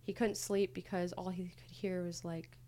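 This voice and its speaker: A woman's voice: on the low side, little pitch movement, moderate pace, mellow, a little hiss or hum. A young adult woman, a podcast guest, recounting her past candidly in a casual, hesitant way with many fillers. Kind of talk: casual conversational interview.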